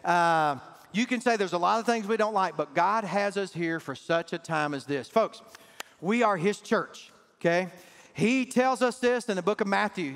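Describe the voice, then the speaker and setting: This pastor from the Southern US has a high-pitched, somewhat bright voice as he preaches with emphasis, calling out to the people. Faint music plays in the echoing hall of a large church sanctuary.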